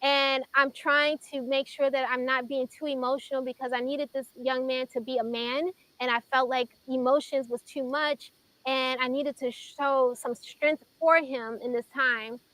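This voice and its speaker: A woman in her thirties from Chicago recounts a personal testimony on a faith-centered talk show. Her voice sits high and bright. She tells it earnestly and emotionally, pausing often. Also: steady tone, low-quality recording. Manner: earnest, emotional storytelling with pauses. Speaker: guest sharing her testimony.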